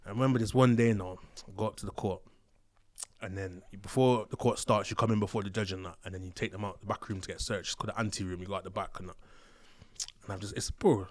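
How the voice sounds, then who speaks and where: A man telling stories from his days as a prison officer, slangy and animated, acting out the voices of the people he describes. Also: fairly low pitch, fast talker. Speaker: interview guest, former prison officer. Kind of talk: casual storytelling. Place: studio.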